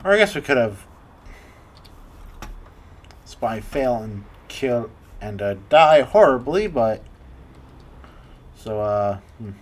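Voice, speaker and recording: A man's voice: medium pitch, big pitch swings, slow, pauses often. A man casually narrating a tutorial over his screen recording, rambling and hesitant with many restarts. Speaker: video creator explaining his process.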